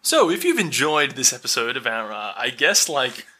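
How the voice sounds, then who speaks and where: A man's voice: mid-range voice, very animated, moderate pace, sharp tone, husky, soft background music. A man co-hosting a podcast, casually recapping a horror film with lots of laughing, swearing and acted-out quotes. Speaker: podcast co-host.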